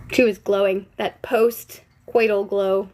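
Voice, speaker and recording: On a relaxed live stream, a young female host plays with gossip and speculation, cheekily responding to viewers' comments. She has a medium-pitched, darkish voice.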